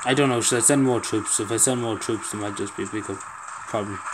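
A man's voice: on the low side, steady tone, fast, heavy background noise. A man giving casual let's-play commentary, exasperated and pleading, swearing often as things go wrong. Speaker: gameplay commentator.

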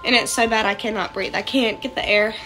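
A woman's voice: a little high, steady tone, a little fast, bright, forceful tone, soft background music. A young woman, sick and congested, rambling in a scattered way with many fillers in a casual vlog from her trailer. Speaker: vlogger. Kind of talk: casual talk to camera. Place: small trailer indoors.

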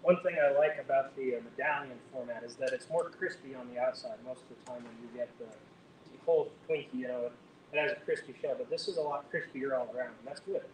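A man's voice: quick pace, far from the mic. Wry man cooking away from the mic. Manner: jokey, wry asides. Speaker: co-host cook. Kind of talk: casual live cooking chat. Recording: echoey room, speaking off-mic with faint rumble.

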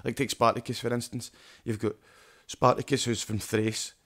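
A man's voice: medium pitch, flat delivery, moderate pace, a bit bright. A Scottish man co-hosting a podcast in casual, sweary chat, tagging on "do you know what I mean" often. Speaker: podcast co-host.

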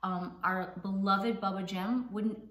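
A woman's voice: mid-range voice, fairly even intonation, a little slow, a bit bright. A woman with a mid-range voice hosts a ministry talk, earnest and encouraging toward her listeners. Her voice rings in a roomy, echoing space. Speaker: host.

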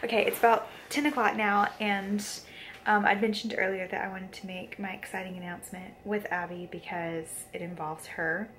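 A woman's voice: medium pitch, steady tone, moderate pace, fairly bright tone, slight background noise, poor audio. A young woman chatting casually in a video blog, talking with frequent fillers. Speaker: vlogger. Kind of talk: casual vlog chat.

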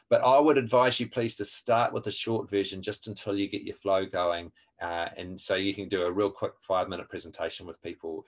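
A man with a fairly low voice leads a webinar training session. He explains things step by step, stops to quiz his listeners and answers their questions as they come in. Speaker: evangelism trainer. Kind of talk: online webinar teaching.

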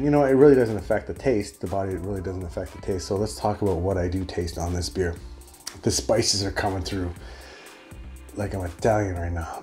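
A man's voice: low-pitched, dark tone. A man giving a chatty, rambling solo beer review.

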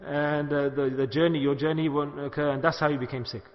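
A high-pitched middle-aged man from the UK preaches a sermon, acting out quoted lines and urging his listeners on. His voice trails off in a long hall reverb, and the recording sounds dull and lo-fi. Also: level tone, brisk. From United Kingdom. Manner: storytelling, acts out quoted speech, exhorting. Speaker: Sufi sheikh giving a talk.

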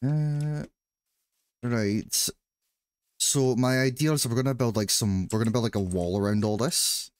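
Here the Glaswegian gamer sounds unhurried, his mid-range voice clear and resonant. He's a livestreamer from Scotland, casually joking with his audience mid-game and rambling through plenty of false starts.

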